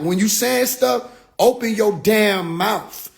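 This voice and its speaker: High-voiced man ranting on a livestream. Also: slow pace, vocal fry. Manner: animated, profane, acts out others in low mocking voices. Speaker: livestream host. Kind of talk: casual livestream rant. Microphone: phone.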